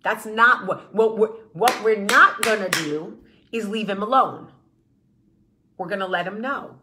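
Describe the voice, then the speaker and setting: A woman's voice: medium pitch, a little slow, pushed and bright, a little hiss or hum. A woman hosting her vlog, giving an impassioned, blunt monologue with swearing and repeated rallying phrases. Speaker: vlog host.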